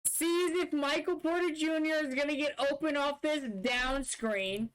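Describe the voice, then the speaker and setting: A man's voice: extremely high pitch, unhurried, a bit bright. A young man streamer giving blunt, dismissive, profane commentary while reacting to game footage. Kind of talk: casual livestream commentary.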